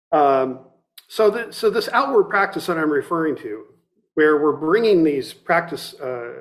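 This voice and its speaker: Giving a dharma talk, this middle-aged meditation teacher speaks thoughtfully and deliberately, with frequent restarts and some passages read from a book. His pitch is on the high side.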